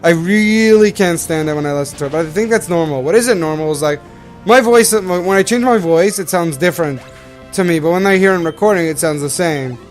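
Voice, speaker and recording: With soft music playing, a young man from Canada comments on a game he's playing in a fairly high, fairly quick voice. His casual narration rambles and is full of self-corrections.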